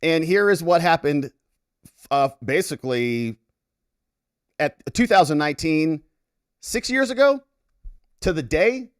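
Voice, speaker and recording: A lawyer commentator hosts a casual commentary show, reacting to clips with animated chatter and jokey asides. His voice sits a little high and moves a little slowly, with long pauses. The recording is clean studio sound with no room sound.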